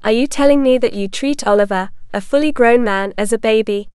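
Lady reading as a confused exasperated guy on the phone, smooth clear voice, kinda high for a man. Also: brisk, a little mellow, no room sound, studio quality, close to an everyday voice. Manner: bewildered, incredulous questioning. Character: adult man, puzzled and exasperated caller.

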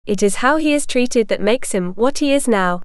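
A woman reading the part of a calm, self-assured woman who answers in a matter-of-fact way. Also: fairly high pitch, moderate pace, clean tone, no room sound, studio quality, close to an everyday voice.

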